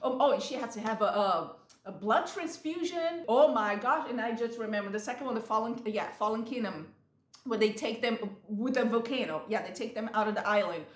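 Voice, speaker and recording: Female vlogger, casual rambling chat, a bit high-pitched, roomy echo. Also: brisk. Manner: chatty, rambling, animated retelling. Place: lives in San Diego.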